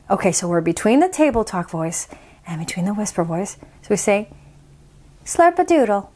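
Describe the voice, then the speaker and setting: A woman music teacher reading a picture book aloud to young children. She is animated, adds playful asides, and moves from whispers to shouts to show each voice level. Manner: playful self-commentary in a lowered voice.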